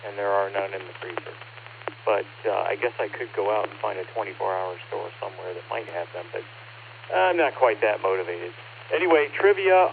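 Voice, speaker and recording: A sleepy man checking into a ham radio net, rambling in an unhurried way. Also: fairly low pitch, slight background noise. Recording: narrow ham radio transmission.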